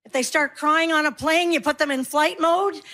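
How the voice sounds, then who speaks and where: A woman's voice: sits high, steady tone, moderate pace, background noise. A woman, doing a wry, self-mocking stand-up comedy set. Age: 60s. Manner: wry, self-mocking, punchy delivery with put-on voices.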